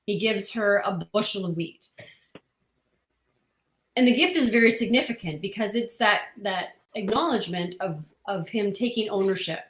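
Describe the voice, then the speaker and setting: A woman's voice: mid-range voice, moderate pace, fairly bright tone, roomy sound. A woman who writes comics, answering interview questions earnestly and at length, with frequent restarts.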